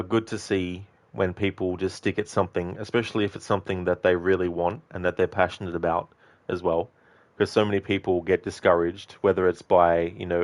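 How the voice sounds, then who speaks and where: Very deep-voiced man chatting with stream viewers. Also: no room sound. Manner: rambling, chatty, answers viewers, swears freely. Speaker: game streamer. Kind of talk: casual live-stream chat.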